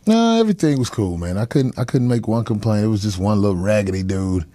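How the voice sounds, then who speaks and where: A middle-aged comedian hosting his talk show, telling crude road stories in a loose, profane way and breaking into laughter as he goes. He slips into quick voices for the people he quotes. The sound is dry and close, with no room around it. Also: lowish voice, expressive, mellow, no echo. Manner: profane, laughing, chuckles mid-story. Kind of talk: casual storytelling chat.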